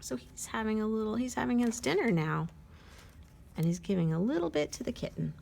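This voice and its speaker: A woman at a library storytime, reading a picture book aloud to children, gently asking them questions and dropping to a whisper at quiet moments. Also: a little high, creaky, a little hiss or hum. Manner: slow and gentle, pausing to ask young listeners questions.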